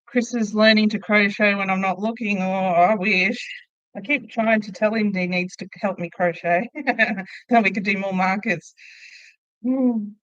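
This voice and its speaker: A woman's voice: mid-range voice, steady tone, measured pace, a bit bright, no room sound. Chatty woman, dull dry sound. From Australia. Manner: chatty, laughs often, answers viewer comments aloud. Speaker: crochet livestream host. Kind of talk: casual live chat while crocheting. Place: home.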